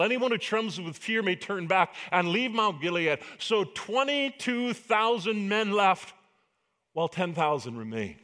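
A man pastor preaching a sermon, telling a Bible story with animated acted-out dialogue and rhetorical questions to the congregation. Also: high-pitched. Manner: animated storytelling, acts out voices of biblical figures.

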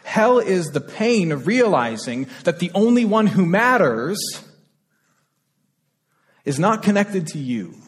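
A man's voice: high-pitched, big pitch swings, slow pace, long pauses. Impassioned male preacher in a reverberant hall. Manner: impassioned, repeats phrases, swings between loud and hushed. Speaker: pastor. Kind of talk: sermon. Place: church sanctuary.

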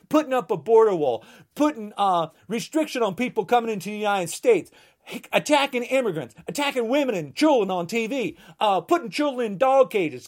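A woman delivering an angry political rant, at times shouting. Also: medium pitch.

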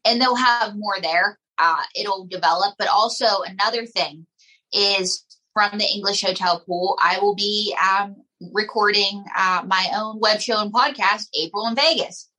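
A woman's voice: medium pitch, a little slow, sharp tone, breathy edge, poor audio. A woman, a guest ventriloquist and comedian, chatting and telling stories on a podcast, laughing often. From United States. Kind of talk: casual podcast chat.

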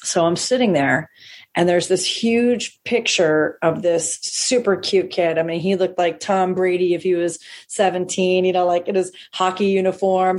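Husky woman telling a profane story. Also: lowish voice. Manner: animated, acts out quoted voices, swears freely. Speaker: stand-up comedian.

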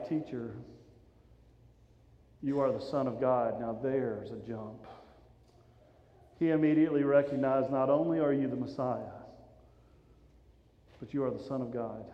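A man, preaching a sermon in a conversational, animated storytelling way. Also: mid-range voice. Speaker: pastor. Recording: roomy, reverberant, dull sound from a hall.

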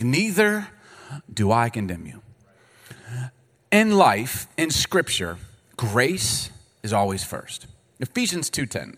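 A man in his thirties preaching a sermon as a pastor, conversational and animated, with quick asides and acted-out exchanges. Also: medium pitch, husky. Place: church sanctuary. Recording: long hall reverb.

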